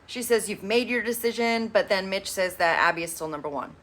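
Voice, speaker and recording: A woman casually recapping a reality show, with sassy opinionated asides and quick quoted impressions. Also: medium pitch, lively intonation, a bit bright.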